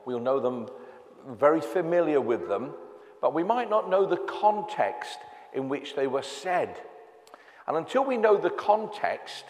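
A man's voice: on the high side, a little mellow. An older man preaching a sermon in a church, conversational and joking as he goes, from England. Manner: conversational with humorous asides. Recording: reverberant church hall.

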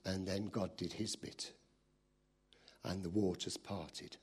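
A man preaching a sermon in a lively, animated storytelling way, acting out voices as he goes. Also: low voice, slow pace, breathy edge.

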